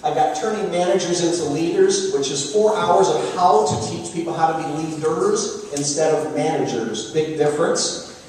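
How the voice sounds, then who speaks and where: A man giving a lively, joking business talk at a luncheon, speaking direct advice to the audience. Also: a little high, normal speed, a little hiss or hum. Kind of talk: live seminar talk. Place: luncheon hall. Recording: echoey hall from far off.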